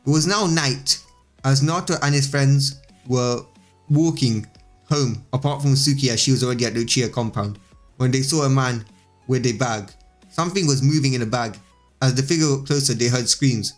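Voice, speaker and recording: Casual male storyteller over music. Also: mid-range voice. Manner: unpolished, quick reading with small slips. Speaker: channel host and narrator. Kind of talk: reading a fan story aloud.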